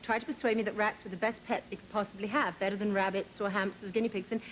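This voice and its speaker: A woman's voice: medium pitch, fast talker, slight background noise, poor audio. A middle-aged English woman, an actress guest on a talk show, chatting and telling stories with frequent laughs. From England. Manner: laughing, animated storytelling.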